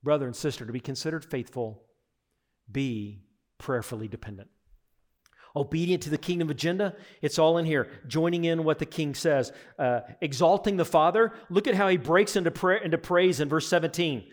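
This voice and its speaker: A male pastor preaching a sermon, shifting from loud exultant praise to quiet, intimate pleading, with joking asides to the congregation. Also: on the high side, a little fast, hardly any pauses. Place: church.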